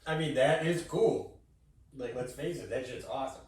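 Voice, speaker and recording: A man's voice: mid-range voice, normal speed, very echoey, distant mic. A man co-hosting a comedy podcast, laughing often and riffing in casual chat. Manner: laughs a lot, does silly voices. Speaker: podcast co-host.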